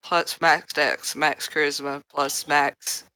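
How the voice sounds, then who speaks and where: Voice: mid-range voice, flat delivery, slow, sharp tone, smooth, no room sound. A player in a tabletop game, eagerly asking to act. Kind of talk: tabletop game play over voice chat.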